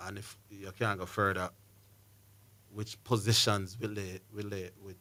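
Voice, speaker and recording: A man's voice: on the low side, flat delivery, unhurried, pushed and bright, no echo. A man with a Jamaican accent hosting sports radio, chatty and jokey as he invites callers. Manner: jokey, chatty, reads out phone numbers.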